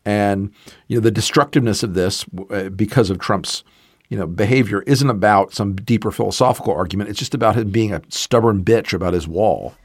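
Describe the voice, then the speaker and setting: Low-voiced earnest man talking politics. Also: slightly rough, no room sound, clean studio sound. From American South. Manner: measured, earnest, many "you know" fillers. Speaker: podcast co-host. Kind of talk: political discussion.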